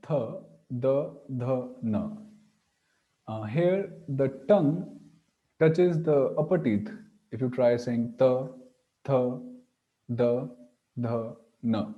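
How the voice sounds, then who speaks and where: A man's voice: medium pitch, phone-quality sound. A man teaching Sanskrit pronunciation, patiently sounding out each letter aloud. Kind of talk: online class explanation.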